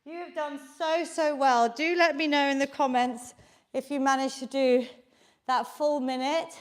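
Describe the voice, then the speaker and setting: A woman's voice: high-pitched, fairly even intonation, measured pace. A woman leading a live workout from a basement home studio, talking into a handheld mic, encouraging and counting reps aloud, out of breath. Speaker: fitness instructor.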